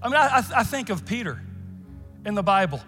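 A man's voice: sits high, very animated, a little fast, pushed and bright, big-room sound, faint music behind. A male pastor preaching a sermon, building in intensity and asking the congregation repeated questions.

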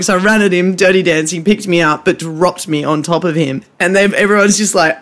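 Brief: high-pitched australian bloke, self-mocking sports-podcast storyteller. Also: male voice, a little fast, fairly bright tone. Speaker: podcast co-host. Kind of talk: casual banter, storytelling.

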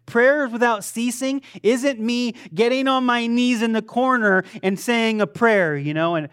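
A man's voice: extremely high pitch, a little slow, few pauses, a bit bright, smooth. Conversational male pastor preaching. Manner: conversational, self-deprecating, with frequent restarts; asks the congregation questions. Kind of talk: sermon.

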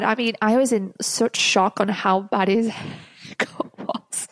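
A podcast host tells a personal story in a loose, chatty manner, frequently breaking into laughter. Her ordinary mid-pitched voice moves slowly with fairly even intonation, captured in a dry, close recording without room sound.

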